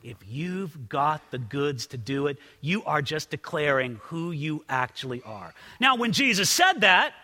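Male pastor, high bright voice, earnest sermon delivery with stammered restarts, long church reverb. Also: sing-song, measured pace, hardly any pauses. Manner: earnest, repeats words when starting sentences. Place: church sanctuary. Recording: long reverb of a large hall.

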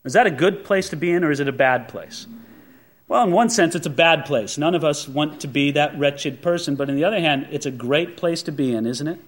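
A man with a fairly high voice delivers a sermon from the pulpit. He talks earnestly, often drawing out and stressing his quotations from scripture. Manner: earnest preaching, slows and stresses for scripture quotes. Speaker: pastor.

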